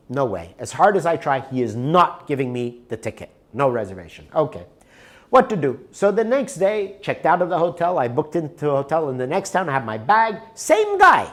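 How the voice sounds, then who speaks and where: A man's voice: on the high side, sing-song, fairly quick, fairly bright tone. A man presenting a workshop in a room, talking conversationally and checking in with his listeners. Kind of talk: live workshop talk with an anecdote.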